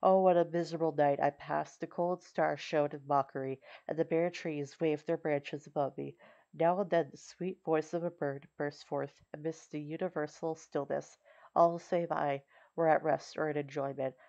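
Low, gravelly woman reading an audiobook. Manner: steady, measured reading. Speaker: audiobook reader. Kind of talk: audiobook narration. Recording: slightly dull recording.

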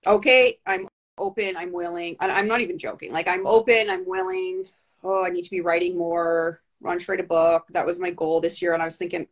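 A woman talking in a casual interview over a video call, telling stories in a lively, chatty way with many asides. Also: fairly low pitch, a little fast. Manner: chatty, animated storytelling with asides. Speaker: guest with Bell's palsy.

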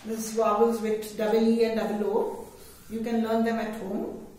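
Indian woman teacher, slow word-by-word phonics drill, distant mic in a boomy room. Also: level tone, a little mellow. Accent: Indian English. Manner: deliberate word-by-word dictation, repeating each word in lists. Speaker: kindergarten English teacher. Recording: echoey room, distant mic, faint hiss.

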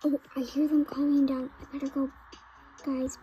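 Over music, with the highs cut off, a woman talks through a game role-play in a high-pitched, flat voice at normal speed. She pauses often and is chatty, constantly using "like" and "oh my goodness."

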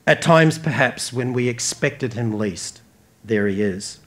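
A man with an Australian accent preaching a sermon earnestly, rising emphatically and dropping soft. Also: mid-range voice, lively intonation, takes it slowly. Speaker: pastor.

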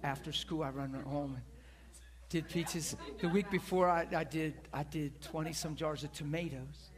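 A man preaching from the pulpit, telling a story in an animated way, laughing and rambling at himself. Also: a little high, moderate pace. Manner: animated, laughing storyteller who acts out quoted voices; self-deprecating and rambling. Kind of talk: sermon storytelling. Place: church pulpit.

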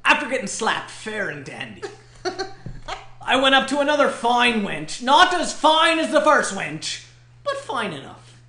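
Comic sketch: a woman playing a drunken womanizing pirate, slow, swooping hammy growl, bright. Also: fairly high pitch, sing-song, full character voice. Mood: boasting. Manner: hammy pirate talk with lewd pick-up lines and laughter. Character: boastful drunken male pirate, bawdy womanizer. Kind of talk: comedy sketch monologue. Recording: echoey room.

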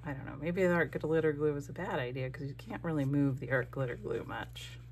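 A woman's voice: low-pitched, steady tone, brisk, darkish tone, a little hiss or hum. A woman chatting casually while gluing a scrapbook, rambling and breaking off mid-sentence as she works on her own craft channel. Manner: chatty, rambling, self-interrupting.

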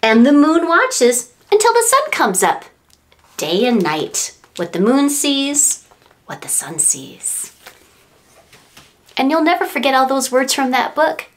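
A woman's voice: high-pitched, sing-song, slow, long pauses, slight background noise. A woman librarian leading a story time for babies and toddlers, reading a picture book in a playful sing-song way. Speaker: children's librarian.

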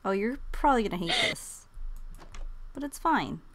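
A young adult woman chatting casually while playing a game, joking in a deadpan way. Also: a little high, normal speed. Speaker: co-player. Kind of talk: casual gaming chat.

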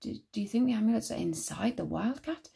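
A woman voicing a brave, fierce young girl in a storybook reading, with a bold, quick manner. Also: medium pitch, lively intonation, vocal fry, warm tone, breathy edge, heavily acted.

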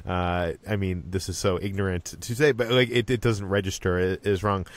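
A man's voice: deep voice, fairly even intonation, no room sound. A man from Boston hosting a podcast, chatting casually and reading listener mail with lots of fillers and restarts. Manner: halting, many fillers and restarts. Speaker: podcast host.

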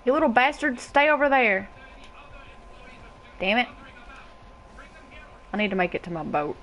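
Streaming a game, a Kentucky woman in her twenties greets viewers and chats casually, cussing freely in her Kentucky accent. She speaks at a measured pace with frequent pauses, in a fairly high, somewhat bright voice. The rough recording has a little hiss or hum.

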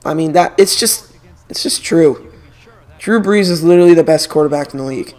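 This young male gaming streamer chats casually while playing a video game, tossing out opinionated sports takes with animated banter. His voice is a little high and his delivery fairly quick.

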